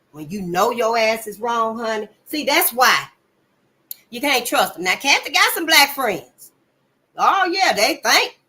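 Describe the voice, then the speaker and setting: A woman hosting her channel, giving blunt, profane commentary and calling listeners honey, swinging between loud outbursts and low asides. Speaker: channel host. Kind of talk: impassioned commentary.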